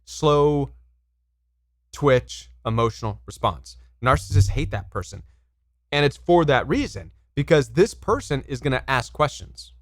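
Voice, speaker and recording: In an animated, unhurried medium-pitched voice, a man advises viewers on relationships while addressing the camera. He's emphatic, repeats himself, and asks his audience questions. Clean studio sound, no echo.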